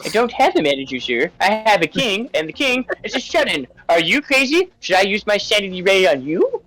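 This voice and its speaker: A man's voice: high voice, sing-song, fairly quick, a bit bright, soft background music, voice pushed up, full character voice, poor audio. A man voicing a cheeky three-foot male gnome worker with a flippant, teasing way of talking.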